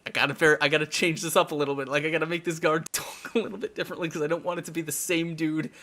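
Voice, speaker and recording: Rambling, animated male talk show host. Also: a little high, rapid-fire. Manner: rambling, animated storytelling with many restarts. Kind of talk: casual live talk show chat.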